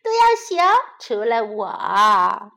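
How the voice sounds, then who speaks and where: A woman's voice: medium pitch, sing-song, slow pace, gravelly, sharp tone, full character voice. A woman voicing a sweet, playful little boy bunny in a children's storybook reading, with an eager, childlike manner. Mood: giggly.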